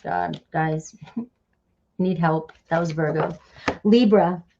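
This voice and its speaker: A woman's voice: lowish voice, slow, creaky, highs cut off, noisy background. A woman giving a casual tarot reading, chatty and loose, often dropping in "all right" and "okay". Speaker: tarot reader.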